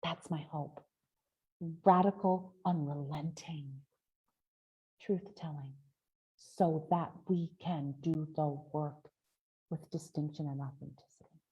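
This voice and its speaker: A woman's voice: sits low, steady tone, slow pace, long pauses, dark tone. A middle-aged woman hosting a live question-and-answer talk, speaking with emphatic passion and rhetorical questions. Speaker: host. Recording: dull lo-fi stream audio.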